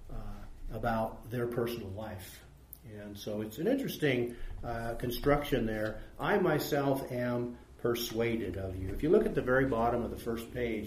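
A man's voice: medium pitch, darkish tone, roomy sound, a little hiss or hum. A man teaching a Bible study class, reading verses aloud and asking his listeners questions.

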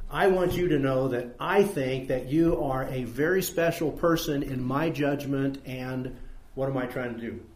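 A man's voice: medium pitch, a little mellow, reverberant. A man teaching a Bible study class, reading verses aloud and asking his listeners questions.

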